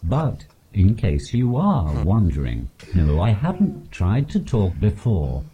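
A man speaking through a synthetic computer voice, delivering prepared jokes in a deadpan way as a comedy guest. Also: lowish voice, takes it slowly, lo-fi sound. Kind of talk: deadpan text-to-speech jokes.

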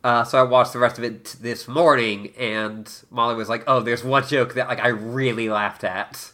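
A man's voice: mid-range voice, steady tone, normal speed, pushed and bright. A man co-hosting a podcast, chatting and laughing as he tells a casual anecdote. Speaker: podcast co-host. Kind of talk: casual chat.

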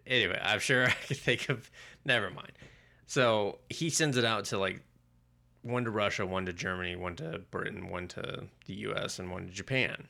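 A man's voice: on the low side, moderate pace, creaky, bright, forceful tone. A man co-hosting a podcast, chatting casually and retelling a comic's plot in a rambling, profane way full of filler words. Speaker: podcast co-host. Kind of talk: casual chat reviewing comics.

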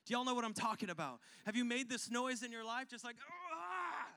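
A man preaching a sermon, fervent and chatty, calling out to the congregation and swinging from hushed tones to loud ones. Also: very high voice, fast, clear, resonant tone. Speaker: pastor.

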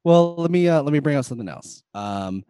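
A man's voice: on the high side, lively intonation, a little fast, dark tone, soft background music. A man co-hosting a casual movie podcast, rambling through film trivia with frequent fillers. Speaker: podcast co-host. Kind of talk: casual movie-review chat.

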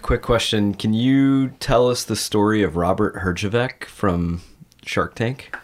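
Low-voiced man asking questions. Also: unhurried. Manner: brief listening responses and questions. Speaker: podcast host. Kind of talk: interviewing.

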